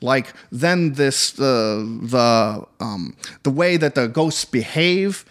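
A man in casual conversation about films, talking haltingly with many fillers and restarts. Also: medium pitch, lively intonation. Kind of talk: casual chat.

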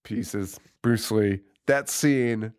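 A man's voice: fairly low pitch, very slow, darkish tone. Casual male co-host, laughs easily, profane. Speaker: podcast co-host. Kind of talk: casual movie chat.

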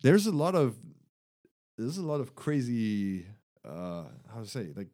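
A man's voice: mid-range voice, a little slow. A man, chatting casually among friends. He laughs often, swears, and acts out quotes while telling stories. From Germany. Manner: laughing, swearing, animated storytelling with acted-out quotes. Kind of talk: casual chat.

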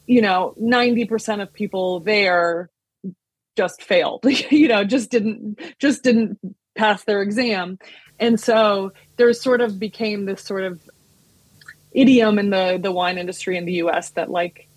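American woman guest, 30s, husky edge, dry close mic, rambling friendly chat. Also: medium pitch, steady tone, a little slow, no echo. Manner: chatty, many fillers and restarts, laughs often. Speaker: sommelier and wine importer, guest. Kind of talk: casual podcast interview.

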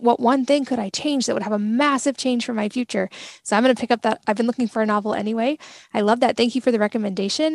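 A woman's voice: on the high side, vocal fry, no echo. A woman hosting a podcast, enthusiastic as she thanks her guest and listeners. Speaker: podcast host. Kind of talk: podcast interview and outro. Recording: dry close mic with faint music.

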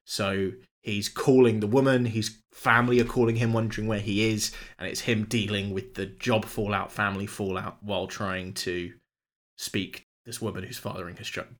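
A man co-hosting a film podcast, chatty and quick to laugh as he explains things at length. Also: on the low side, flat delivery. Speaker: podcast host. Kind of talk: casual film chat.

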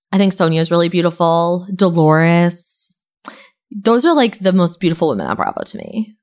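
A young woman hosting a podcast, recapping reality TV in a gossipy, chatty way, full of "like" and casual swearing. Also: lowish voice. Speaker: podcast host.

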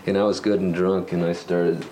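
A man with a very low voice recalls an anecdote in an archival interview. He rambles and restarts often, searching for words, and a faint noise sits under the recording. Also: flat delivery. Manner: rambling, halting, with many fillers and restarts. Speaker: songwriter being interviewed.

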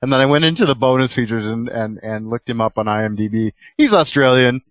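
A man co-hosting a casual podcast, joking and quick to laugh. His voice comes through a dull, slightly muffled recording with a dry sound. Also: medium pitch, no room sound. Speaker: podcast co-host. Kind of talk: casual chat.

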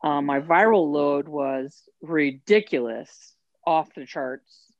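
Low-voiced woman telling a personal story. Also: slow, highs cut off. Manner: candid, emotional, quotes others in her story. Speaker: interviewee.

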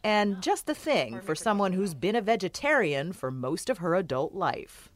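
A woman's voice: fairly low pitch, big pitch swings, normal speed. A woman narrating a scripted news feature in a storytelling tone.

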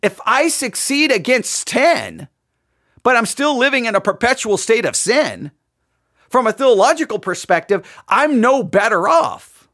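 A man's voice: extremely high pitch, very animated, a little slow, sharp tone, no room sound, clean studio sound. A man hosting a live podcast, talking earnestly in a sermon-like monologue full of rhetorical questions. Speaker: podcast host. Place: podcast studio.

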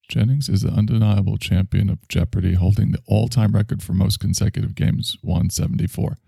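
Man, show host, casual rambling chat, sarcastic, sighs, gravelly, dark tone, dry close sound. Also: on the low side, brisk, hardly any pauses, dry recording. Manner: rambling, sarcastic, sighing asides.

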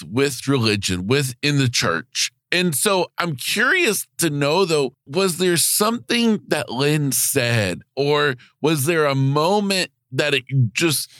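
A man's voice: a little high, animated, slow, fairly bright tone, no room sound. A man hosting a podcast who laughs easily and asks long, rambling questions. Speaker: podcast host. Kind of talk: casual interview.

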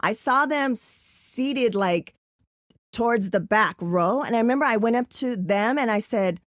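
A woman co-hosting a casual podcast chat, animated and emotional as she reads out messages. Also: fairly high pitch, normal speed, dry recording, clean studio sound. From Southern California. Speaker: podcast co-host.

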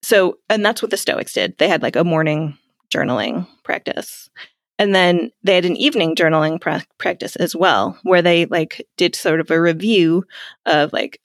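A woman's voice: on the low side, moderate pace, no echo, studio quality. A woman speaking as a guest in a casual interview, chatty, with many fillers and frequent laughs. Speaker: guest, clarity coach.

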